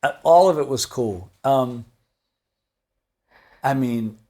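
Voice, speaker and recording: A man in his seventies talks through an interview in a husky, slightly breathy voice. He rambles from point to point and tells stories with animated asides and laughter, at a middle pitch for a man. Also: takes it slowly. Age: 70s. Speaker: guitar maker and company founder. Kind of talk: casual interview storytelling.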